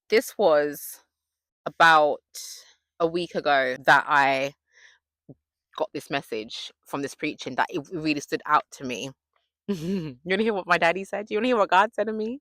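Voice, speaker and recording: A young woman chatting to camera in a faith vlog, telling stories in an excitable, gushing way. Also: low-pitched, moderate pace, no room sound. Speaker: faith vlogger. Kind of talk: casual chat to camera.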